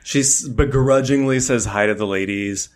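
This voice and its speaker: A man, a podcast guest, telling a story in casual chat, animated and acting out what people said. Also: medium pitch, moderate pace. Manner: animated storyteller, acts out quotes.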